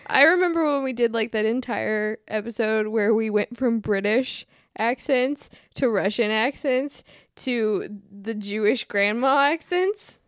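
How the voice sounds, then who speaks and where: A woman co-hosting a movie podcast, trading quick jokes in casual chat. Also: a little high, smooth, no echo, clean studio sound. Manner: quick, joking banter. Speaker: podcast co-host.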